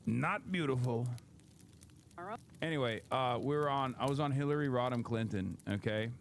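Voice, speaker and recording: A man's voice: mid-range voice, normal speed, slight background noise. A man hosting a live stream with casual, sarcastic, profane commentary that often rambles. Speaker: streamer host.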